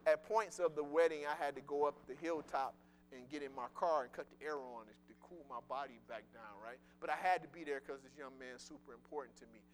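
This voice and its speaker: A man giving a sermon with personal testimony, conversational and emphatic, repeating words and swinging from loud declarations to soft murmurs. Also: on the high side, fairly quick, a little hiss or hum.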